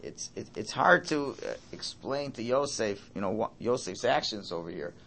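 A man's voice: lowish voice, lively intonation, normal speed, gravelly, fairly bright tone, slight background noise. A man giving a Torah class lecture, emphatic, often repeating and restarting his phrases. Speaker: Torah teacher.

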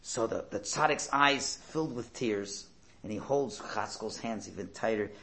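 Gravelly man telling a Hasidic folk tale. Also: fairly low pitch, moderate pace. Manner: animated, sprinkled with Yiddish words, chatty asides. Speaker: storyteller.

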